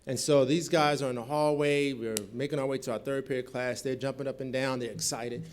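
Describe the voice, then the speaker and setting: Middle-aged male speaker, lively keynote storyteller, acts out dialogue. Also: medium pitch, brisk. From Newark, New Jersey. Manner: animated storyteller acting out quoted dialogue. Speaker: guest speaker. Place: convention hall.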